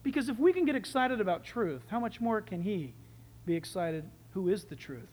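A man preaching a sermon in an animated, enthusiastic way, his loudness swinging from soft to loud. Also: sits high, moderate pace, in a large hall.

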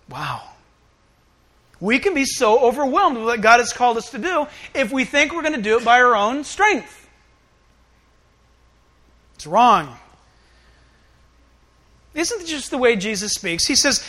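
Middle-aged man preaching, high and bright, lively delivery with acted-out quotes. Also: moderate pace, long pauses. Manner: animated, acts out quoted voices. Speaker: pastor. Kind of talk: sermon.

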